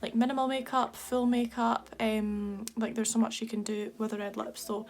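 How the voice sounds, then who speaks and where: Young Scottish woman, makeup artist, chatty and enthusiastic, pitched a touch high. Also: little pitch movement, moderate pace, darkish tone. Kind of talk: casual makeup tutorial chat.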